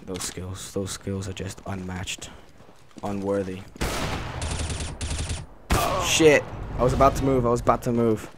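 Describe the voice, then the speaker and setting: A man giving live gameplay commentary, reacting out loud and swearing a lot as he plays. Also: fairly low pitch, steady tone, unhurried, long pauses, background noise. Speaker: gaming channel host. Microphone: desk mic on a stand. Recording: loud gunfire under the voice. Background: shooter game gunfire.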